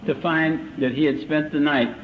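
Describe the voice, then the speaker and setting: An older man giving a recovery meeting talk, telling his story with dry, self-mocking humor and slow, deliberate timing, in a muffled old live recording. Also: fairly high pitch, fairly even intonation, very noisy. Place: meeting hall.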